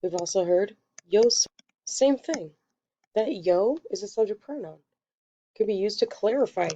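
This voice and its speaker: A woman's voice: mid-range voice, expressive, warm tone, a little hiss or hum. Woman teacher explaining patiently, dull recording. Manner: patient, step-by-step explaining with quick self-corrections. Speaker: Spanish teacher. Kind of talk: recorded classroom lesson.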